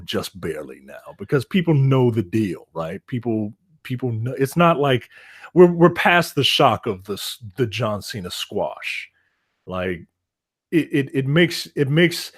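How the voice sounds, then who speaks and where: A man's voice: lowish voice, no echo. A man rambling in a casual chat, saying "like" and "man" over and over, his voice rising and falling a lot. The sound is dry and close, with no room around it. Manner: rambling, swears, restarts, says "like" and "man". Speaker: wrestling podcast co-host.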